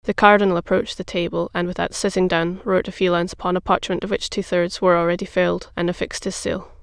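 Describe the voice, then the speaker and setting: An audiobook narrator giving an even, measured scripted reading of a classic novel. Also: mid-range voice, creaky, smooth, dry recording, studio quality.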